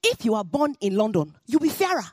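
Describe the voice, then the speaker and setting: A woman's voice: fairly high pitch, sing-song, fairly quick, a little mellow, no room sound, studio quality. A woman voicing a tall schoolgirl bully who mocks and bosses another child in a told story. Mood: taunting. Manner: mocking, bossy.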